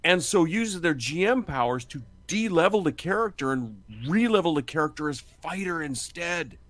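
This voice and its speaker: Animated man telling a lively story. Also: on the high side, moderate pace, no room sound. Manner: animated, laughing, swearing, acting out quotes. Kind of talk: casual storytelling chat.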